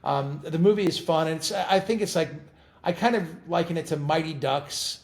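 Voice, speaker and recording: Middle-aged male guest, raspy edge, animated anecdotes, restarts and repeats. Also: on the high side, normal speed. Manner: animated storyteller, laughs and repeats words. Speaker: guest actor. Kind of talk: casual interview chat.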